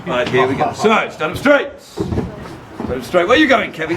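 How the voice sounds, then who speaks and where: A man hosts a comic castle performance in a slightly raised voice, teasing the audience and breaking into shouted battle cries. He is recorded from a distance outdoors. A loud crowd and heavy wind noise sit over the recording. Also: sits high, big pitch swings, normal speed. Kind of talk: live comic crowd-work show. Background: crowd of visitors and wind noise.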